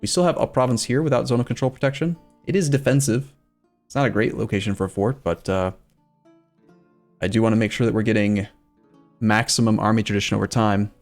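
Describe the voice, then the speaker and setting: A man's voice: fairly low pitch, fairly quick, soft background music. A man streaming a strategy game, chatting casually as he plays, thinking aloud and answering his chat. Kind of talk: casual let's-play commentary.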